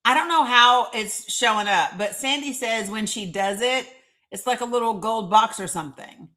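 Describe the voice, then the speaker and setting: A woman hosting a casual live stream, chatting, reading viewer comments aloud and often laughing and clearing her throat. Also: on the high side, moderate pace, pushed and bright. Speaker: livestream host.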